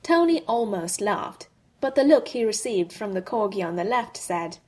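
Husky woman narrating a story. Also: medium pitch, animated, moderate pace, darkish tone. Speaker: audiobook reader. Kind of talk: fanfic audiobook narration.

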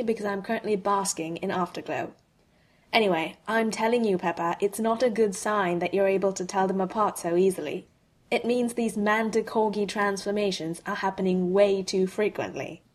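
A woman voicing a brash, sarcastic man in an audiobook reading, with a husky tone and quick, exasperated banter. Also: medium pitch, a little mellow, close to an everyday voice.

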